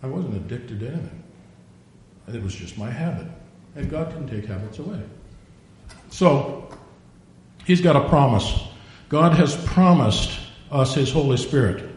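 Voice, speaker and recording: A man's voice: mid-range voice, expressive, measured pace, a little mellow. An older man preaching a sermon in a folksy storytelling way, acting out dialogue and prayers. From Norwegian. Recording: very echoey room, faint noise.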